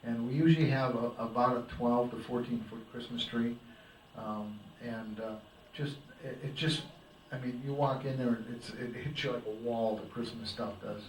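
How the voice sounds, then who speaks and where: A man's voice: mid-range voice, steady tone, moderate pace. An older man giving a rambling, folksy slide-show talk to a local group, chuckling at his own jokes. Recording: roomy, distant amateur recording with faint background noise.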